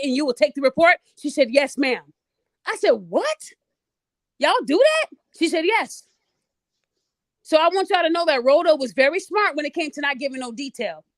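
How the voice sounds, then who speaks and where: Blunt, high-voiced woman host. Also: no room sound. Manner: animated, blunt, talks straight to listeners. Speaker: podcast host. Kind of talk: casual storytelling monologue.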